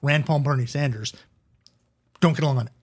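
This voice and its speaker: Man, podcast co-host, casual, halting restarts, mid pitch. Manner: casual, hesitant, lots of fillers and restarts, swears. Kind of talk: casual book discussion.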